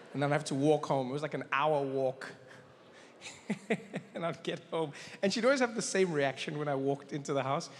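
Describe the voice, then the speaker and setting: An animated male stand-up comedian telling stories on a large theater stage, his voice pitched fairly high for a man. A long hall reverb and faint ambient noise sit behind him. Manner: animated, quick shifts into character voices. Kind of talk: stand-up storytelling.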